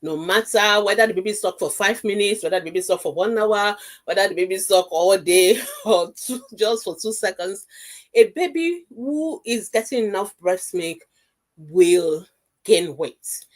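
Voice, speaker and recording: A woman pediatrician gives a health webinar talk at a middle pitch. She speaks to mothers directly and reassuringly, driving each point home by repeating it. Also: normal speed. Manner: emphatic, repeats key points in lists.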